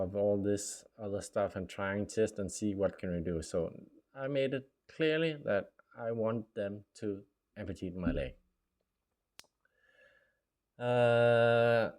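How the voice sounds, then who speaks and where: Telling his life story in a relaxed, chatty way, a middle-aged man whose first language is Norwegian speaks in a slightly mellow, mid-range voice. Fillers and small laughs come often, and he acts out quoted dialogue.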